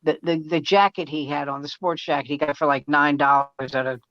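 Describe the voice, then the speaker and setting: An older man tells comedy-club stories with animated energy. He acts out each quote, and the recording sounds dull and lo-fi. It is dry, with no room echo. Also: a little high, fairly quick. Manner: animated anecdotes with acted-out quotes. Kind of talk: casual storytelling chat.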